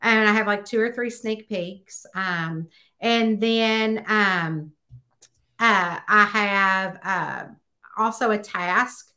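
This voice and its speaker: A middle-aged woman author chatting casually, telling stories and acting out the people in them with lively quoted voices. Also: slow pace. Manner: animated storyteller, acts out quotes in a high voice. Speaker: mystery author, host. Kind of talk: casual chat.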